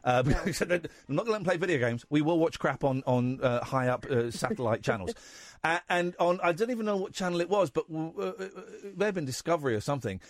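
A man's voice: on the high side, expressive, fast talker, no room sound, clean studio sound. A man, hosting a late-night radio phone-in with rambling, teasing banter. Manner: jokey, rambling, teasing callers. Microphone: studio microphone.

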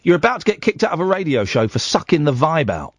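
A man's voice: on the high side, big pitch swings, fast, dry recording. A man hosting a late-night radio phone-in, teasing his callers with sardonic, dry remarks.

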